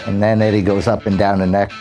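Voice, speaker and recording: A man, a police officer, telling an animated story and acting out the voices of the people in it. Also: on the low side, fast, faint music behind.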